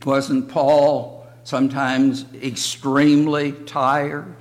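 An older man teaching a church Bible lesson in slow, halting short phrases. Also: medium pitch, level tone. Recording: long reverb of a hall.

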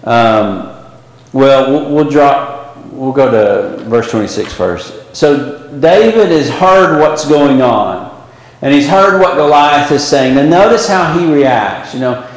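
A man's voice: mid-range voice, animated, takes it slowly. A man teaching a Bible class, rambling with many fillers and restarts and pushing rhetorical questions up with emphasis. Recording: echoey hall with long reverb.

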